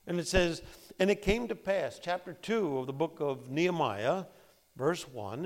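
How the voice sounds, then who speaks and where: A man teaching a Bible study, reading scripture aloud and explaining it in a lively, conversational way. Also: a little high, unhurried. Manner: lively, conversational, acts out quotes.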